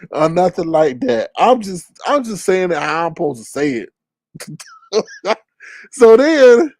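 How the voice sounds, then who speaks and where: A man hosting casual gossip commentary, talking in an animated, incredulous way and swearing freely. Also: on the high side, measured pace, no echo. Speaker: commentary channel host.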